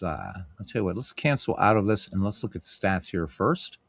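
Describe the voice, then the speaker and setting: A middle-aged man with a fairly low, gravelly, slightly bright voice speaks animatedly at a moderate pace with few pauses, in a dry, clean studio recording. He hosts a stream, calling a tabletop baseball game play by play. His chatter with viewers is loose and full of fillers as he reads and answers their comments.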